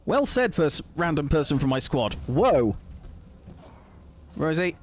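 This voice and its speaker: Excitable male streamer with lively pitch. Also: unhurried, a little hiss or hum. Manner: excitable, exclaims at game events, laughs often. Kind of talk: live gameplay commentary chatting with viewers.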